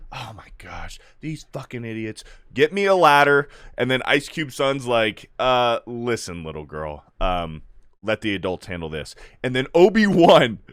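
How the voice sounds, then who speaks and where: A man rants through a casual review, exasperated and swearing freely, and mimics the characters in mocking voices. His voice sits at an ordinary middle pitch. The recording is dry and close, with no room sound. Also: no room sound.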